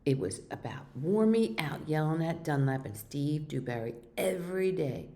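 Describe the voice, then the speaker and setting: Low, mellow woman reading a story aloud. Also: lively intonation, normal speed. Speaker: reader. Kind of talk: reading a children's novel aloud.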